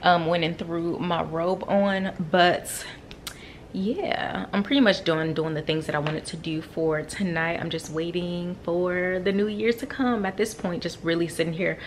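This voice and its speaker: Speaking a little slowly in a voice on the low side, this woman in her 30s vlogs from her home couch. She's chatty and animated, addressing her viewers directly, with slight background noise.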